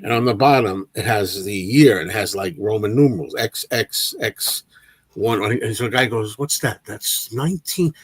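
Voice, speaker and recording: A man hosting a casual movie chat livestream, telling an animated anecdote with frequent restarts and repeated words. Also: lowish voice, normal speed, breathy edge, dry recording. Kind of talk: casual storytelling to a live chat.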